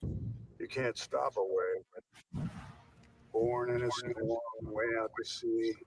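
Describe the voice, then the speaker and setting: A man's voice: mid-range voice, slow pace, slightly rough, no echo. An actor playing a determined father who wants his childhood home back, speaking earnestly in a film trailer. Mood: quiet resolve. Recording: movie trailer clip with loud music.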